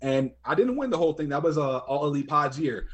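A man's voice: fairly high pitch, sing-song, quick pace, muffled recording. A young man chatting casually as a podcast guest, joking and loose, with plenty of fillers. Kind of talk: casual chat.

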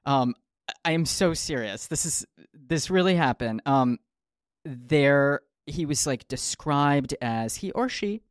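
A man spins a tale for his podcast, playful and full of jokey asides. His pitch swings widely as he talks. The sound is dry and close. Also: expressive, slow pace, no room sound. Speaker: podcast host. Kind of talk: comic podcast storytelling.

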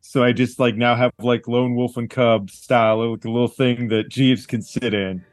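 A man's voice: mid-range voice, flat delivery, moderate pace, no room sound, clean studio sound. A man chatting casually as a player in a tabletop game.

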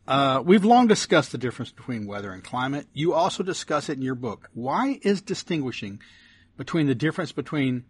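A man hosting an interview, asking steady, prepared questions. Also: medium pitch, fairly quick, breathy edge, no echo. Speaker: interviewer for a think tank.

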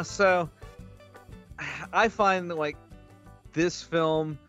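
A man's voice: mid-range voice, a bit bright, clear, resonant tone, no echo, highs cut off. A man co-hosting a casual podcast, sardonic and profane, sometimes reading aloud from a book. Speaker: podcast co-host.

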